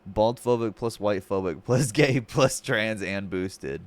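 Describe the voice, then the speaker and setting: A man's voice: lowish voice, slow. A man streaming casual reaction commentary, mocking and swearing freely, laughing often between remarks.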